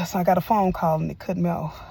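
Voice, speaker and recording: A woman's voice: on the low side, fairly even intonation, brisk, creaky, warm tone, breathy edge. A woman reviewing a show in casual, sermon-like talk, emotional and full of church phrases. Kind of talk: casual preachy commentary.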